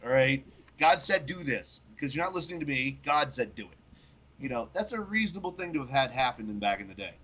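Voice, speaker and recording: A man's voice: medium pitch, expressive, fast, hardly any pauses, bright, forceful tone. A man hosting a casual podcast, talking bluntly and with profanity, acting out little voices when he tells a story. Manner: blunt, profane, acts out voices in his stories. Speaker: podcast host.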